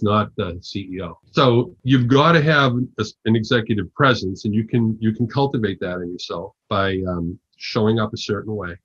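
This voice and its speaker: A man's voice: lowish voice, slightly rough, muffled recording. A man, a coach, telling stories in a podcast interview and acting out the dialogue as he goes. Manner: animated storyteller who acts out dialogue. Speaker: guest, agile coach.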